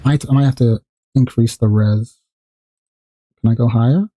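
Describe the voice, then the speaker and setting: A man streaming a casual reaction to a game trailer, excited and profane, rising higher and louder as he gets hyped. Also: normal speed.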